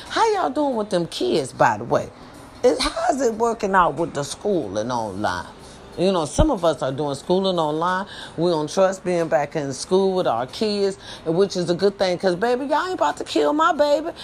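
A middle-aged woman hosting her own podcast, talking bluntly and profanely straight to her listeners, swinging from loud scolding to low warnings. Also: very animated, normal speed, slight background noise. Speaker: podcast host. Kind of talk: casual monologue podcast.

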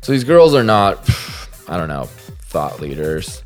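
A deep-voiced man hosts a podcast and rambles through a comic story. His delivery is profane and exasperated, with plenty of quoted asides. Faint music sits underneath the voice. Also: sing-song, takes it slowly. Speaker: podcast host. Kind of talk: rambling comedic monologue.

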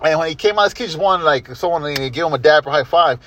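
A man telling a rambling, excited story to a friend in casual chat, swearing freely. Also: a little high, fast, slight background noise.

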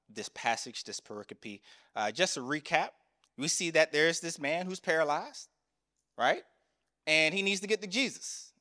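A male chaplain with a somewhat high voice preaches in a chapel, and long reverb trails each phrase. He tells a story conversationally and asks his listeners questions as he goes. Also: fairly bright tone. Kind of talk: sermon.

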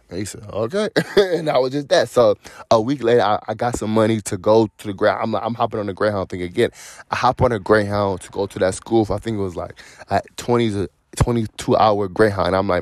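Young male podcast host, animated storyteller, low-ish voice, dry close-miked sound. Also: fairly quick, no echo. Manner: animated, slangy, profane, acts out quoted dialogue. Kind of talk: casual storytelling.

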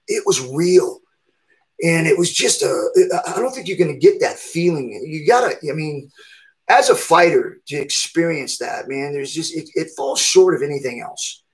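A middle-aged man, a fighter, telling a story in a casual, animated way, acting out other people's voices and punching out sound effects. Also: on the high side, normal speed, rough recording.

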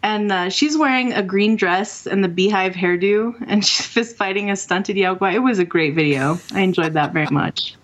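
A woman's voice: medium pitch, normal speed, hardly any pauses. Chatty woman co-hosting a gaming show. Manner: chatty, enthusiastic, laughs easily. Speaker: podcast co-host. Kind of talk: casual gaming chat. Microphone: remote call mic.

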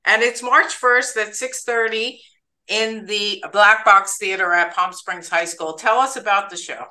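A woman with a bright, clear-edged voice hosts a podcast. She talks chattily and upbeat, and she stumbles over a name now and then. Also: mid-range voice, measured pace, poor audio. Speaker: podcast host. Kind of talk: casual interview.

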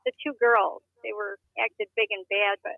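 A woman's voice: medium pitch, level tone, normal speed, creaky, dry recording, narrow, tinny audio. A woman calling in to a podcast, chatty and agreeable. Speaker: caller. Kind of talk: casual chat.

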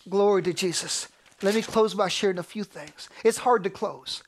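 A man preaching with fervent, repetitive cadence. His sermon swings between near-shouted declarations and soft, hushed whispers. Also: high voice, fairly even intonation, brisk, creaky. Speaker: pastor.

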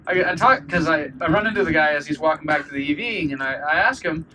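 A man's voice: on the high side, quick pace, recorded from a distance, a crowd in the background. A man co-hosting a podcast, telling stories in a crude, joking way from a moving car. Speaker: podcast co-host. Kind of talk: casual storytelling chat. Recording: noisy car interior.

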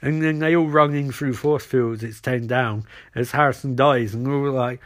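A man's voice: mid-range voice, fairly even intonation, normal speed, hardly any pauses. Rambling man recapping a show. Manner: rambling, irreverent, swearing. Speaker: podcast host recapping a TV episode. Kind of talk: casual comedic recap.

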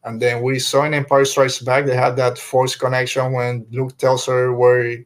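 A man co-hosting a podcast, talking casually and enthusiastically, rambling and slipping into quick impressions of characters. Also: mid-range voice, completely flat delivery. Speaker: podcast co-host. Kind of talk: casual fan review chat.

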